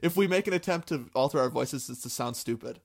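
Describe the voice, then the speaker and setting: A man with a mid-range, gravelly voice co-hosts a casual podcast. He slips in dry, deadpan jokes during the chat, keeping his tone offhand. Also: medium pitch, fast talker. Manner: dry, joking asides. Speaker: podcast co-host.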